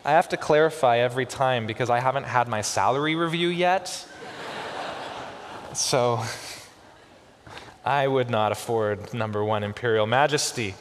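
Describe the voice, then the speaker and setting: A man preaching a sermon as pastor, with expressive delivery and slow, emphatic pauses on key words. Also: mid-range voice, background noise. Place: church sanctuary. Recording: long church reverb.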